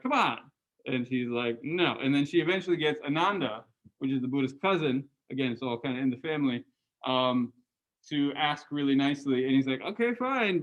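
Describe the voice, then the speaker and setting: A university lecturer, a man with a slightly higher voice, talks to his class in a loose, chatty way. He keeps turning to the room with quick questions and stumbles through restarts and ums as he explains. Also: a bit bright, rough recording. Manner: casual, conversational, asks students questions, frequent ums and restarts. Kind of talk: lecture to students.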